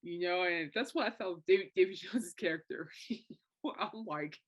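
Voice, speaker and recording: A woman's voice: on the low side, moderate pace, slightly rough. A woman in her thirties hosting a casual solo podcast, rambling and emotional, with many fillers and restarts. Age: 30s. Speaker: podcast host.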